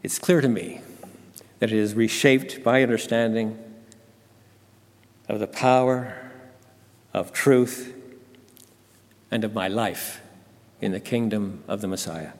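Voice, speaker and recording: A man's voice: fairly low pitch, steady tone, takes it slowly, pauses often. A man telling a Bible story in the first person, dramatic and intense. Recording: long hall reverb.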